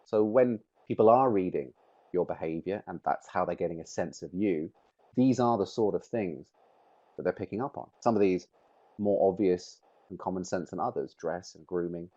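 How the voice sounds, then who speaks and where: A man's voice: low voice, moderate pace, mellow, muffled recording. A middle-aged man presenting a webinar, speaking with emphatic, shifting stress on key words. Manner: emphatic, varies stress on words to make points.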